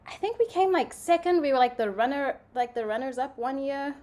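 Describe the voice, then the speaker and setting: A young woman from Zimbabwe, a playwright and actress, telling stories in a casual interview, animated and full of "like" fillers. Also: high-pitched, brisk. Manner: animated storytelling, many "like" fillers, acts out quotes.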